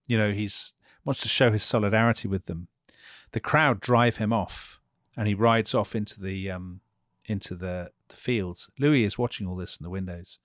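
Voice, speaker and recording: A man with a fairly low voice recounts history in a lively storytelling manner, slipping into brief quoted lines for the people involved. The studio sound is dry and close, with no room around it. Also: normal speed, dry recording. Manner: vivid, animated retelling with acted quotes. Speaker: podcast co-host.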